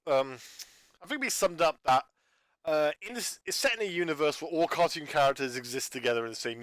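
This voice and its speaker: A man's voice: medium pitch, fairly bright tone, no echo. A man talking in an unscripted rambling monologue, stumbling and restarting his sentences as he rants in exasperation about a video channel. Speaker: YouTuber reviewing a channel.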